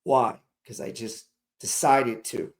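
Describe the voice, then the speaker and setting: A man's voice: medium pitch, slow. A man hosting an investing channel, talking casually and motivationally to camera in a rambling, profane, slangy storytelling way.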